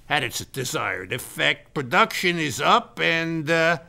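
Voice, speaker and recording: A man's voice: on the high side, lively intonation, measured pace, vocal fry, bright, forceful tone, full character voice. A man playing a boastful American businessman who calls himself a Scottish laird, talking in brash, self-important salesman bluster. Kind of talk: improvised comedy character monologue.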